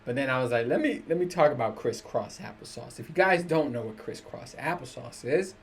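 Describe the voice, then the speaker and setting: A man's voice: mid-range voice, lively intonation, a little fast. A man in his thirties, a podcast host, rants casually to the camera, swearing and laughing as he goes. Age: 30s. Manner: profane, joking, laughs often. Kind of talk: casual solo rant to camera.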